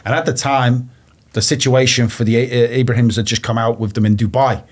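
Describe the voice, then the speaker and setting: Male guest from England, mid-pitched, blunt and profane, a casual storyteller. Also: steady tone, fairly quick. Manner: blunt, swears often, retells phone calls with quoted voices. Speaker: interview guest.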